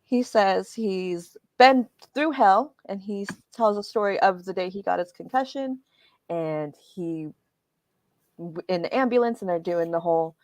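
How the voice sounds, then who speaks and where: A woman's voice: mid-range voice, measured pace, dry recording. A woman co-hosting a show in casual chat, telling stories expressively and laughing often. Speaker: co-host.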